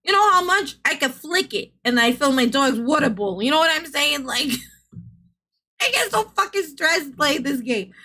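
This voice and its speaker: A woman's voice: high voice, big pitch swings, measured pace, bright, forceful tone. A woman streamer from the American South chatting casually with her audience, giggling often and swearing freely. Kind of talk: casual live-stream chat.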